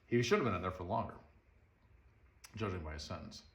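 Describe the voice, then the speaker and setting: A man's voice: low voice, a little fast, fairly bright tone. A male preacher retelling a story in a conversational sermon, full of rhetorical questions. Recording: roomy echo.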